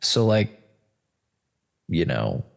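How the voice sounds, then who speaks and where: Gravelly guy hosting a podcast, rambly and swears a lot, kinda low. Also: big pitch swings, very slow. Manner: loose, rambling, profane, talks to listeners as folks. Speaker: podcast host. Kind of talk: casual chat while screen sharing.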